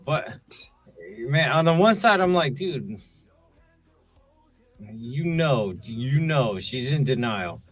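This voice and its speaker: Relaxed male co-host, reflective casual chat, dry close sound, faint music under. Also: medium pitch, slow, pauses often, husky, no room sound. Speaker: podcast co-host.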